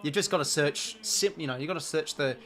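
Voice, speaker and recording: A man's voice: a little high, a little fast, pushed and bright, faint music behind. A young Australian man hosting a live sports watch-along, chatting casually and reacting to the play. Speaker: live stream host.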